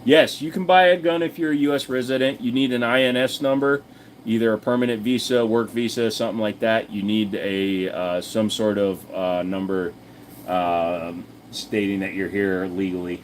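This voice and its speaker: A man with a fairly low voice hosts a casual livestream, answering chat bluntly and profanely while rambling with lots of fillers. He talks straight to viewers in a chatty way, with fairly even intonation at a moderate pace and slight background noise.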